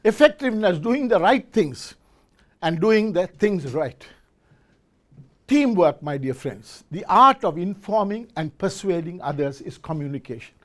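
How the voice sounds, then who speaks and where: A man's voice: high voice, lively intonation, measured pace. A middle-aged man giving a motivational business talk to a live audience, quizzing listeners and often restarting his words. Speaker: speaker at a business forum. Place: event hall with a live audience.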